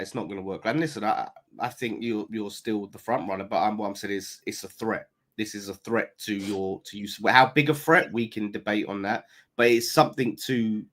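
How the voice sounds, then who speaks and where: A man co-hosting a football podcast, making his point in a measured, hedging way with repeated phrases. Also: on the low side, fairly bright tone. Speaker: podcast co-host. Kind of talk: casual football podcast debate.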